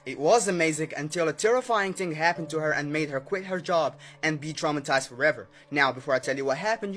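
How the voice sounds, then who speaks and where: Chatty high-voiced man telling a horror story. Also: a bit bright. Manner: chatty, keeps adding "okay?" and acting out the dialogue.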